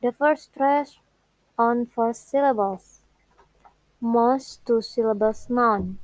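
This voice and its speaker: A young woman with an Indonesian accent, slowly reading out a pronunciation lesson on word stress and repeating the example words. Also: a little high, fairly even intonation, darkish tone, no echo, poor audio. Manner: slow careful reading with repeated words and restarts. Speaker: student. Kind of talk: pronunciation practice recording.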